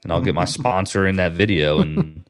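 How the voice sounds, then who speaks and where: A man's voice: low-pitched, moderate pace, no room sound, studio quality. An American man co-hosting a casual podcast, a tradesman who runs a business and talks bluntly with slang and swearing. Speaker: podcast co-host, HVAC business owner. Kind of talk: casual chat.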